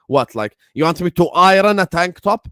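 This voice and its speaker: A young man hosting a football fan live stream, talking casually, animated and repetitive as he rants at his chat. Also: high voice, moderate pace, no room sound, studio quality. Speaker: football fan show host.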